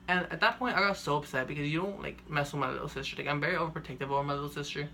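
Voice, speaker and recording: A young man telling a personal story in a monotone that rambles and leans on filler words. His voice sits a little high, with a gravelly, bright, tense edge. Faint noise hums underneath. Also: racing. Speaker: vlogger.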